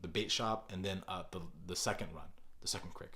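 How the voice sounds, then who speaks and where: A deep-voiced, middle-aged kids pastor advises parents on a podcast, and his delivery is deliberately exaggerated and energetic.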